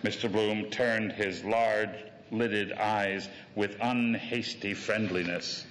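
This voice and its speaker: A man narrating a story in a measured, even reading. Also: on the low side, slight background noise. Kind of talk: scripted narration. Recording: long hall reverb.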